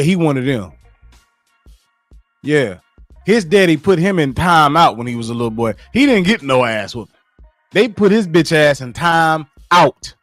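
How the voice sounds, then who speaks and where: Profane, animated man ranting about football. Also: fairly high pitch, no room sound. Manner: profane, animated, repeats himself. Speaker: sports commentary streamer. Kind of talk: casual sports rant to live chat. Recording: dry close mic with faint music.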